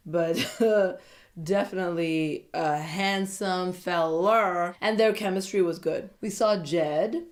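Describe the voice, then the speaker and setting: A woman recapping a reality dating show in a casual, chatty way, animated and gossipy, often breaking into giggles. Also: lowish voice, slow.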